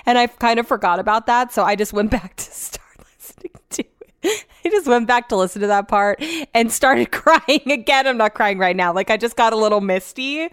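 A woman's voice: a little high, expressive, fairly quick, clear, resonant tone, no echo, clean studio sound. A young woman hosting a podcast, chatting casually and self-deprecatingly, laughing often. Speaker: podcast host. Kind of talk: casual solo podcast chat.

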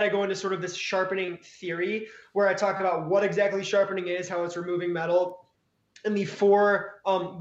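A man's voice: high voice, echoey room, muffled recording. A man in casual podcast chat, laid-back, calling the other host "dude" and "man". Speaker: YouTube cooking creator, guest.

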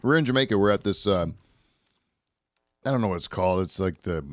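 Man, lowish voice, loose profane storyteller, close dry mic, laughs through his own bits. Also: quick pace, dry recording. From Canada. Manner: rambling, profane, laughs often. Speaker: podcast co-host. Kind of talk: casual chat.

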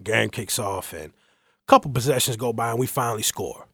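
A man telling a long story in casual chat, acting out the quotes with sudden loud, high outbursts. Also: normal speed, slightly rough, no echo, clean studio sound. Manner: lively, acts out quotes with big jumps in pitch and volume.

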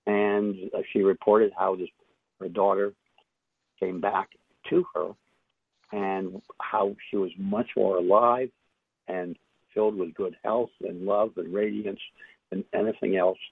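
Appearing as an interview guest, an older man recounts his story in a reflective, halting way, full of fillers and restarts. His low voice is gravelly and husky, with a steady tone, carried over a dry, tinny phone line without echo.

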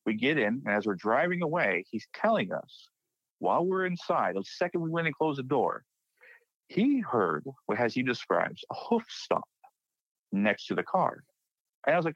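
A young man from Texas, a podcast guest, casually retelling a personal paranormal experience and acting out his friends' panicked lines with lively shifts. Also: medium pitch, husky, dry recording. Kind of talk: casual spoken storytelling. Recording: dry, dull lo-fi podcast mic.

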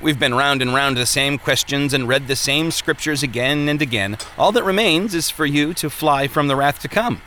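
A man's voice: on the high side, normal speed, few pauses, slight background noise, pitched above the performer's own voice. A man doing a cheerful, stammering preacher. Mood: kindly urging. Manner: stammers softly, kindly. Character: cheerful gentle male preacher, hesitant.

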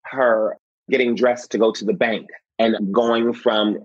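A male actor talking in an interview, expressive and animated, laughing often and acting out quotes. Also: on the low side, a little slow, no room sound. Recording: slightly muffled, dry.

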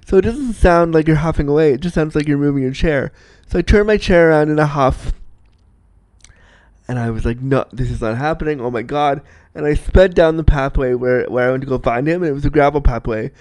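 A young man telling a personal story in a casual, animated, self-mocking way, laughing often. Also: on the high side, brisk, no room sound.

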